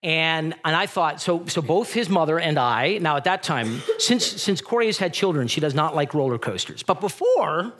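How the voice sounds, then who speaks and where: A middle-aged man preaching a sermon, telling stories with animated energy and acting out the voices of the people in them. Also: a little high, moderate pace, few pauses, noisy background. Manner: animated storytelling, acts out voices in retellings. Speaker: pastor.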